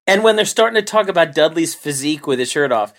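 A man's voice: a little high, lively intonation, quick pace. A man co-hosting a podcast in casual chat, sarcastic and fond of acting out quotes. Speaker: podcast co-host.

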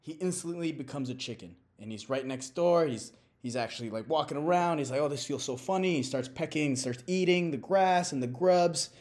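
A young man telling dirty jokes in a relaxed, conversational way, sometimes dropping to low asides. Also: moderate pace, hardly any pauses. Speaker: joke-telling host. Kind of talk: storytelling jokes.

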